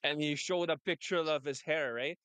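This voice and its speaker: A man's voice: a little high, steady tone, moderate pace, a bit bright, clear, resonant tone, dry recording. A man coaching on dating, talking brashly and laughing often in casual chat. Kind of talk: casual monologue and phone call.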